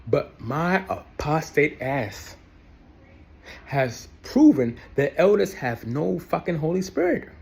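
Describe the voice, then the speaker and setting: A man's voice: on the high side, big pitch swings, slow pace, gravelly, darkish tone. A young man ranting to camera about his family, angry and profane, repeating himself for emphasis. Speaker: ex-Jehovah's Witness vlogger. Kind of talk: heated personal rant to camera.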